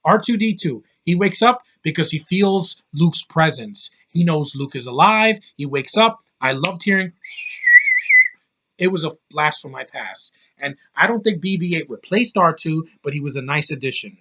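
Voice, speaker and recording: A man in his thirties reviews a film in a loose, ranting way. He is blunt and swears freely, wandering off on tangents and padding his talk with fillers. His voice sits a little higher than most men's. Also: expressive, normal speed, bright, forceful tone. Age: 30s. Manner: blunt, profane, rambling with many fillers. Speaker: movie reviewer. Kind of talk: casual rant-style film review.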